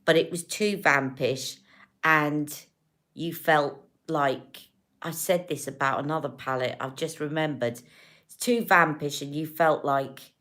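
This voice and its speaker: A woman hosting a beauty livestream, talking straight to her viewers. Her voice sits a little low. Her talk rambles in a chatty, affectionate and emotional way, as she speaks into a phone or webcam. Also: a little slow, a bit bright. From United Kingdom. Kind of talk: casual livestream chat with viewers.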